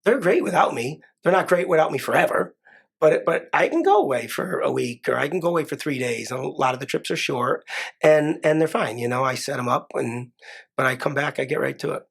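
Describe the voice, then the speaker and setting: A man, a chef and restaurant owner, chatting casually in a studio interview, often answering with a quick yeah and restarting his sentences. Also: a little high, animated, vocal fry, fairly bright tone, husky. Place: podcast studio.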